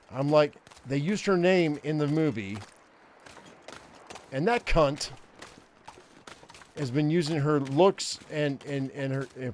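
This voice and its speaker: An older man talks over his game in a loose, rambling way, cursing often and restarting his sentences. His voice sits a little higher than most men's, with a faint wash of noise behind it. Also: a little mellow. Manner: profane, ranting, rambling with many restarts. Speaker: gaming streamer. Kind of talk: casual gameplay commentary.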